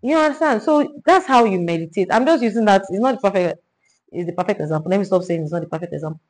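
A woman leading a Bible study, teaching in an animated way, repeating herself and asking rhetorical questions. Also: mid-range voice, fast talker, rough recording.

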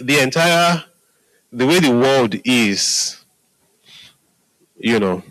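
This man preaches a sermon in a conversational way, repeatedly saying "Hallelujah" and asking "are we together?" to check that his listeners are following. His voice is medium-pitched with a fairly bright tone, and the recording is poor with no room sound.

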